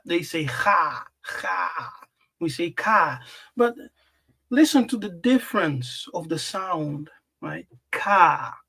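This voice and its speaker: A man teaching scripture on a live stream, slow and deliberate, repeating key words for emphasis. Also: high voice. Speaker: Bible teacher.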